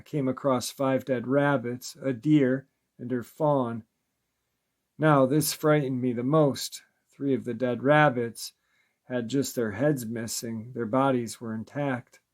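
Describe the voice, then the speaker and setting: A man narrating listeners' creature encounter stories in a steady, measured reading voice. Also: mid-range voice. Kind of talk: scripted narration.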